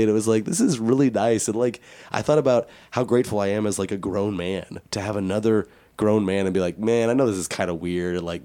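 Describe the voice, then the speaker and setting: Podcast host, young man, slightly hoarse, animated storyteller. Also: on the low side, no echo. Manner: animated storyteller, acts out quotes with a raised voice. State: losing his voice. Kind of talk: casual podcast chat.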